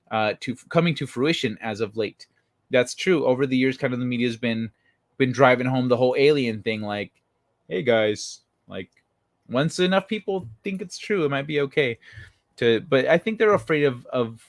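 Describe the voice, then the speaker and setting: A man hosting a casual livestream, rambling and swearing as he tells stories and answers chat. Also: medium pitch. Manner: rambling, profane, animated storytelling. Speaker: livestream host. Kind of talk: casual livestream chat reading viewer comments.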